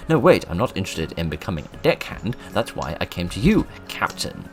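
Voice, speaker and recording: A man voicing a polite, deep-voiced young adventurer. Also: very animated, a little fast, soft background music. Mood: earnest.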